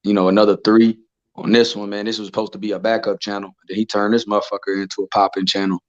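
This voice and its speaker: A man's voice: fairly low pitch, flat delivery, fast, no echo, dull audio. A man co-hosting a casual online boxing talk show, bantering in loose slang and joking around. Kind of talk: casual chat.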